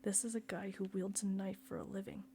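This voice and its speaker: A woman's voice: mid-range voice, little pitch movement, brisk, dark tone, slight background noise, natural voice. A woman reading the part of a bewildered, anguished middle-aged father who pleads and defends himself.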